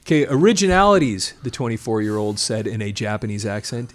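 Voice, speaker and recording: A man co-hosting a podcast in casual chat, reading an old article aloud and stopping to comment in animated asides. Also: lowish voice, brisk, few pauses. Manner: reads quotes then breaks off to comment, animated asides. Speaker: podcast co-host.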